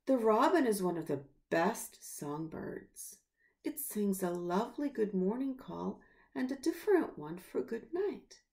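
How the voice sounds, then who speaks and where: A woman reading a children's story aloud in a slow, expressive storybook manner. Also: mid-range voice, creaky.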